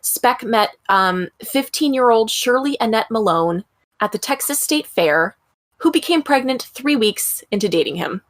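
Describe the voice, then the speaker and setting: A woman's voice: fairly high pitch, expressive, a little slow, fairly bright tone, dry recording. A woman hosting a casual true-crime podcast, chatty and profane with lots of ums and laughing asides. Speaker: podcast host.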